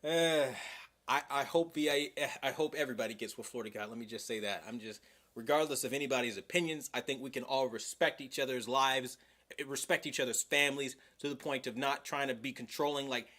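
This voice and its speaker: A man's voice: mid-range voice, fairly quick, bright, forceful tone. A young man hosting a livestream, talking in a heated, profane, rambling way with many fillers. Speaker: livestream host. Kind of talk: casual livestream chat.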